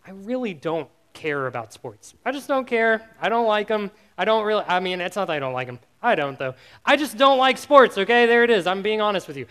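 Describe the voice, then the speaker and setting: A man with a notably high voice delivers a youth sermon. He tells his story in an animated, self-mocking way, full of casual fillers, then turns to earnest teaching. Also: fairly quick, hardly any pauses, clean tone. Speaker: youth pastor.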